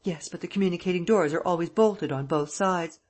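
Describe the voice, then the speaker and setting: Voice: mid-range voice, a little fast, a little mellow, lightly acted. A reader voicing a polite hotel head waiter who answers a policeman's questions in a matter-of-fact, guarded way, in an audiobook.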